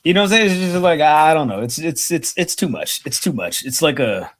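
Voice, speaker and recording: A man's voice: a little high, lively intonation, a little fast. A man hosting a podcast, recapping wrestling news in a laid-back, profane way. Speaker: podcast host. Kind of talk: casual wrestling chat.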